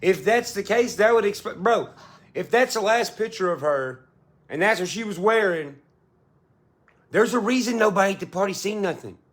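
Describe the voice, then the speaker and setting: A podcast host with a notably high voice for a man, talking casual and blunt. He swears freely, sounds incredulous, and keeps building his point with repeated phrases. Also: animated, moderate pace.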